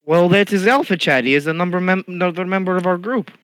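A man's voice: high-pitched, fast talker, a bit bright, clear, resonant tone, no echo, poor audio. A man playing in a tabletop game, speaking in character with earnest, oddly formal phrasing. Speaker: player. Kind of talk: tabletop role-play.

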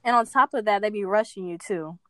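A woman's voice: medium pitch, brisk, heavy background noise. A woman in casual chat who agrees along with the story, using short backchannels and side remarks.

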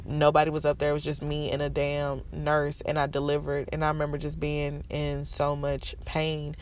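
A woman's voice: low voice, monotone, moderate pace, darkish tone, a little hiss or hum. A woman in her thirties telling viewers a painful personal story from her parked car, frank and emotional, with a stuffy nose. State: stuffy nose from holding back tears. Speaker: vlogger. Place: parked car in a school parking lot.

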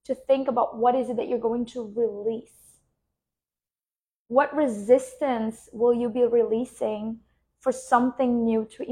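A woman podcast host and business coach, speaking slowly and soothingly as she guides a relaxation and coaching reflection. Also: fairly high pitch, darkish tone.

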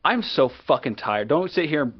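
A man's voice: on the high side, big pitch swings, normal speed, highs cut off. Man ranting, heated and profane. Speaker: podcast co-host. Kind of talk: ranting sports talk.

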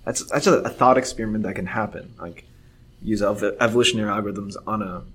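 A man's voice: fairly low pitch, fast, fairly bright tone, slightly rough. A man co-hosting a podcast, musing in casual chat with restarts. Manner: musing, thinks aloud with restarts. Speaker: podcast co-host.

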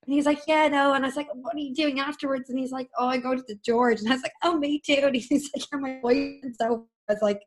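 A woman's voice: high-pitched, fairly even intonation, quick pace, hardly any pauses. A woman in casual chat, giggly, acting out her own quoted dialogue.

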